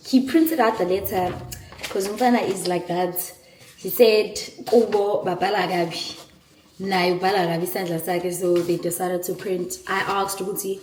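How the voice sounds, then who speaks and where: A young South African woman vlogging casually, excitable and emotional and quick to laugh. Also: mid-range voice, slight background noise. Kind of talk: casual vlog, switching between English and isiZulu. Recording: echoey room, far from the mic.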